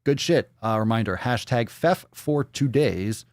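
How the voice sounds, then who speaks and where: A man's voice: medium pitch, normal speed, no echo, clean studio sound. A man hosting a fitness show, reacting bluntly and crudely to a clip in profane live-stream commentary.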